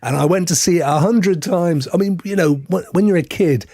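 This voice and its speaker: A man's voice: high voice, brisk, mellow, breathy edge, no room sound, studio quality. A man in his fifties from Devon with a West Country English accent, co-hosting a gaming podcast with teasing, jokey banter. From Devon, England. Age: 50s. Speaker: podcast co-host. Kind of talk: casual banter.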